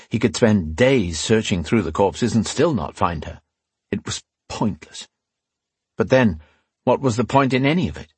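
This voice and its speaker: A man reads a fantasy novel aloud at a measured, steady pace. His voice sits low with a husky grain. The recording is dry and close, with no room sound. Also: no room sound. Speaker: audiobook narrator. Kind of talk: scripted fantasy narration.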